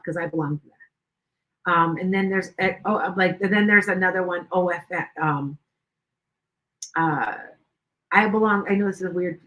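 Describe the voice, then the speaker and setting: A woman's voice: on the low side, a bit bright, low-quality recording. Chatty older woman rambling on a livestream. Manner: rambling, chatty, many restarts. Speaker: tarot reader livestream host. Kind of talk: casual livestream chat.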